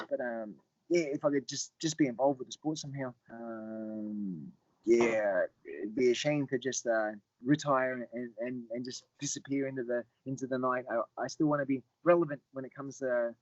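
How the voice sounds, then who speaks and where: A middle-aged man telling stories as a podcast guest, often repeating words and getting animated when he quotes other people. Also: mid-range voice, dry recording, dull audio. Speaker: guest, Muay Thai fighter. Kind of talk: casual storytelling interview.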